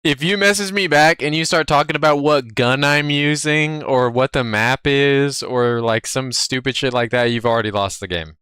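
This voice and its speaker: A man's voice: mid-range voice, moderate pace, hardly any pauses, pushed and bright, smooth, no room sound, clean studio sound. A man streaming live, chatting casually in a brash, profane, cocky way. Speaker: livestreamer.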